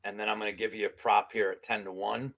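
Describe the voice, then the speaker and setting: This man talks with a gravelly, fry-laden edge and a bright, forceful tone. He co-hosts a betting podcast in casual chat, animated and profane, with a jokey storyteller's bent. The sound is dry and close. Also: on the low side, fast talker, no echo.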